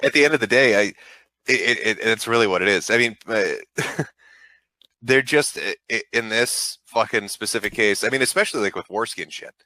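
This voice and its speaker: Man, low-ish voice, bright, dry recording, profane, rambling. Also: a little fast, no echo. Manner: profane, rambling, frank advice. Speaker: online show host. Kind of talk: casual call-in chat.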